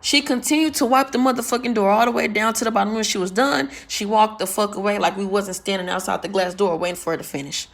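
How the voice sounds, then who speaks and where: A woman vlogger telling a story in a loud, carrying voice, blunt and full of profanity. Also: mid-range voice, quick pace, gravelly, few pauses. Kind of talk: casual storytelling rant.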